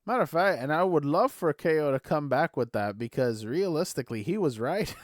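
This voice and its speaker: A man's voice: on the high side, animated, brisk. A man co-hosting a podcast, giving blunt opinions in casual chat. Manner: agreeing backchannels, blunt opinions. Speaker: podcast co-host.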